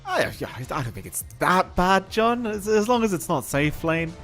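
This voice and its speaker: A man's voice: high voice, sing-song, normal speed, fairly bright tone, faint music behind. A man commentating a live esports match in a laid-back, teasing way, joking around with his co-caster.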